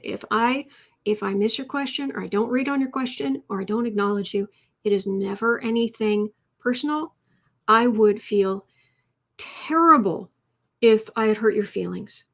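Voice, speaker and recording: A woman hosting a casual tarot livestream, chatting with viewers, reading their comments aloud and cooing softly to her cat. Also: a little high, normal speed. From United States. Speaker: tarot reader and livestream host.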